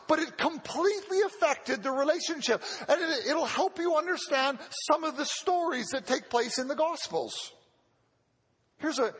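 A man's voice: extremely high pitch, fairly bright tone, breathy edge. A man preaching a sermon in an earnest way, repeating phrases for emphasis and often restarting, heard with the long reverb of a large hall.

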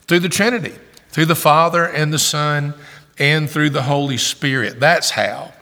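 Gravelly pastor preaching in a hall. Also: male voice, medium pitch, sharp tone. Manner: earnest, questioning, repeats phrases. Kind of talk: sermon.

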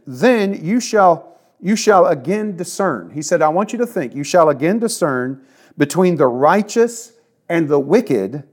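A man preaching a sermon in an earnest, conversational way, leaning on emphatic repetition. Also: fairly high pitch. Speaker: pastor.

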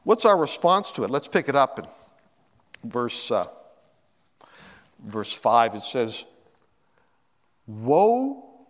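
Animated middle-aged male pastor preaching. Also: medium pitch, takes it slowly, pauses often, big-room sound. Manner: animated, acts out quotes with sudden voice shifts; repeats words while finding his thought. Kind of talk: sermon. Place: church sanctuary.

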